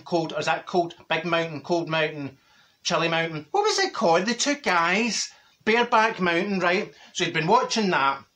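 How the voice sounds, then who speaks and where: Man playing a chatty older Glaswegian woman, rambling gossip, bright voice, sing-song delivery. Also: a little high. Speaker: comic character monologue. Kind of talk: character comedy monologue.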